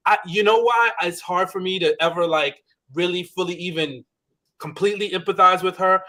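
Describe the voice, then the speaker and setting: Male podcast co-host, casual recap talk, animated, slightly high voice. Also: moderate pace. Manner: chatty, animated, acts out quoted lines. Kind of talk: casual reality-show recap.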